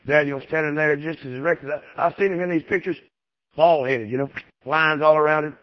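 A man's voice: fairly high pitch, fairly even intonation, brisk, dull audio. A man preaches a sermon in a folksy, emphatic, repetitive way.

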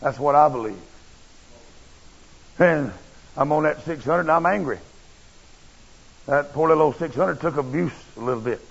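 A man's voice: a little high, moderate pace, vocal fry, long pauses, breathy edge. A man preaching a sermon, telling a personal story in a folksy, blunt and emphatic way. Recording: dull lo-fi recording.

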